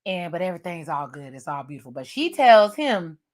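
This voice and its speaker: A woman's voice: fairly low pitch, big pitch swings, a little fast. A woman recapping a horror movie with jokes and slang, laughing often. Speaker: movie reviewer.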